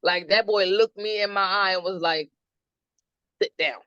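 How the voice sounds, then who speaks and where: Woman podcast guest, casual storyteller, quick to laugh, mid-range voice, dry, slightly muffled recording. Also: mid-range voice, steady tone, pushed and bright, no room sound. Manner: chatty, laughs often, acts out quotes. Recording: dull lo-fi dry sound.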